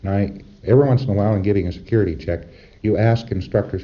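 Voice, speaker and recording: Deep-voiced man lecturing on old tape. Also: fast talker. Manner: emphatic, rhetorical, checks in with "See?". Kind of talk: recorded lecture. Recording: dull lo-fi 1960s lecture tape.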